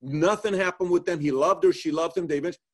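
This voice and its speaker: A man hosting an interview, telling stories in a lively, animated way and acting out what people said. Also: fairly high pitch, fast talker. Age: adult, former soldier. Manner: animated storyteller, acts out quotes. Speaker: interview host. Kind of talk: casual interview conversation.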